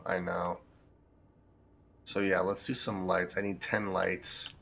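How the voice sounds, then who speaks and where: A man with a low, gravelly voice talks through his game while he plays, thinking aloud with plenty of ums and restarts. His commentary is easygoing and unscripted. A faint hiss of noise sits under the voice. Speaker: game streamer. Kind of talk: casual gameplay commentary.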